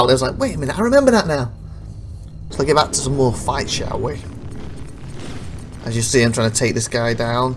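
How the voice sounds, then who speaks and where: Male gamer talking over his own footage, rambling, self-correcting; gravelly edge, light noise floor. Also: a little high. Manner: rambling, self-interrupting, laughs at bugs. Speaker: gameplay commentator. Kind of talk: casual recorded gameplay commentary.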